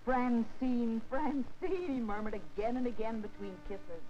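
A woman's voice: on the high side, measured pace, natural voice. An actress playing a young country woman reading a romance aloud with dramatic, breathless delivery. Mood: swooning. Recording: dull 1940s film soundtrack with music.

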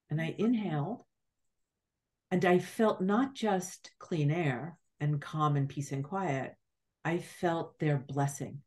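Podcast guest: middle-aged woman, deep voice, unhurried, reflective spiritual storyteller with halting restarts. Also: a little mellow.

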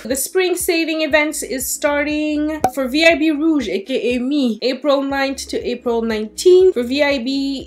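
A woman beauty vlogger with a light French-tinged accent, chatting casually and excitably to camera about makeup. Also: fairly high pitch. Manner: chatty, excitable, talks herself out of buying.

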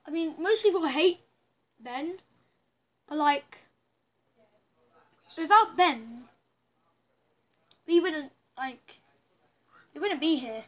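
A woman who hosts a gaming channel offers casual, rambling let's-play commentary on a story game, reacting out loud as she plays. Her voice sits high and expressive, extremely slow with frequent pauses, on a low-quality recording.

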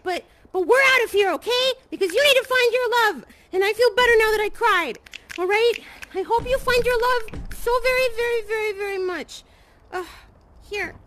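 A young woman streaming a VR game, talking softly and comfortingly to the players and creatures around her, hesitant, with many ums and sighs. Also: extremely high pitch. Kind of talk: casual in-game role-play chat.

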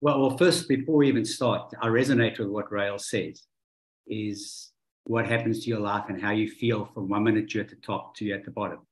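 A man from South Africa answering interview questions in a measured, reflective way over a video call. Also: fairly low pitch, steady tone. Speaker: guest. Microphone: online video call. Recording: echoey room on a video call.

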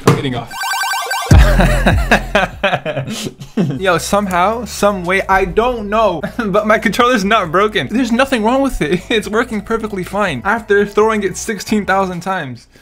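A young man giving excitable gameplay commentary, laughing and yelling at opponents, with game music and gunfire behind him. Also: high-pitched, measured pace. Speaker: gaming YouTuber.

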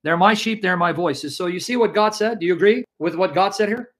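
A man's voice: high-pitched, fairly quick, fairly bright tone, poor audio. A man debating religion live, insistently reading scripture aloud with emphasis. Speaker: Christian debater.

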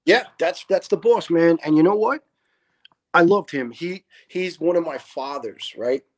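A middle-aged man, a retired fire lieutenant guesting on a podcast, telling stories in a casual, animated way, acting out dialogue and swearing freely. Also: on the high side, unhurried. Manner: animated, profane storyteller who acts out dialogue. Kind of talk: casual storytelling.

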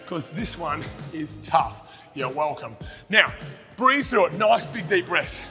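An energetic young Australian fitness instructor talks a class through a workout, cheering people on and counting down reps. His voice sits high and bright. There is a long echo on it, with music playing underneath. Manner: upbeat, encouraging, calls out counts and cues. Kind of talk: coaching a follow-along workout. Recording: long reverb, music behind.

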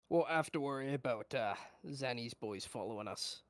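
A man's voice: medium pitch, moderate pace, no room sound, studio quality. A man playing a tabletop game, talking in character in a laid-back, joking way and swearing casually. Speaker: player.

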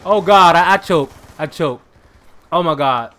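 A young man giving live gameplay commentary in a casual, excitable way, swearing and bursting into shouts. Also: fairly high pitch, unhurried. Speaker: gaming commentator.

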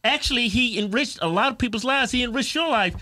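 Lively high-voiced man, blunt and loud. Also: fast. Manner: blunt, profane, laughs loudly and often. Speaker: co-host reacting to clips. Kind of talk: casual commentary chat.

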